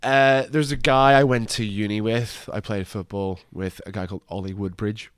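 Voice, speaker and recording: A man's voice: lowish voice, fairly even intonation, normal speed, a bit bright, smooth, no echo. A young man co-hosting a casual commentary podcast, rambling and joking, often slipping into silly voices. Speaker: podcast co-host.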